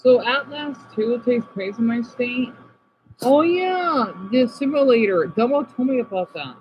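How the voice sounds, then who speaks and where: A man from Arizona streaming casually, reading chat comments aloud and reacting, moving between subdued talk and excited outbursts. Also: very high voice, measured pace, dull audio, a little hiss or hum.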